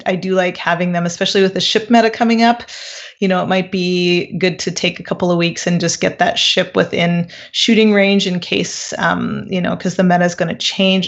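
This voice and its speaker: A woman's voice: fairly low pitch, vocal fry, muffled recording. A woman on a casual live Q&A panel, thoughtful and self-deprecating in her answers. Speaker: panel guest.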